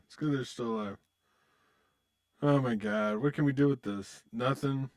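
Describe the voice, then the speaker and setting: Speaking at medium pitch with a darkish tone and a moderate pace, this man plays online poker on a stream. He grumbles and curses over his cards before turning cheerful and jokey with his audience in relaxed live commentary.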